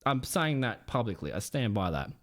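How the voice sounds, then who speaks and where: A man's voice: mid-range voice, very animated, normal speed. A man with a South Australian accent chatting casually with his stream chat, playful and smug, swearing offhand.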